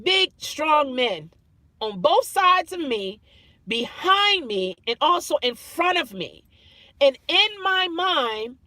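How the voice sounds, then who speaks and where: A woman's voice: sits high, sharp tone, no echo. A woman vlogger telling a personal story to camera in an earnest way, often repeating phrases and restarting her sentences.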